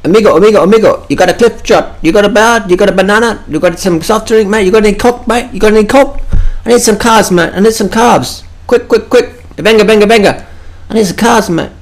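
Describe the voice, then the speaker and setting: A man putting on the voice of a desperate, carb-starved male pro cyclist begging for food, frantic and shouty, with an Australian accent. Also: sits high, fast, voice pushed up. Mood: desperate pleading.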